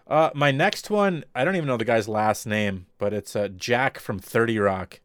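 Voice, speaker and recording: A man's voice: mid-range voice, moderate pace, fairly bright tone, no room sound. A man co-hosting a podcast, rambling in casual chat with many fillers and restarts. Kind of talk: casual chat about TV shows.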